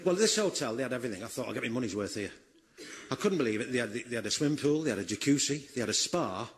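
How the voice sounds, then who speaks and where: A man telling a stand-up routine in a deadpan way, as a guest comedian. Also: mid-range voice, rapid-fire. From Northern England. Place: radio show stage with live audience. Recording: noisy live radio recording.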